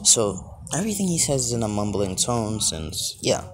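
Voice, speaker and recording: Man, low-voiced rambling storyteller; outdoor phone take with clear noise. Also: very animated, normal speed. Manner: rambling, heavy on filler words. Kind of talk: improvised fan-story narration. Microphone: phone held close to mouth.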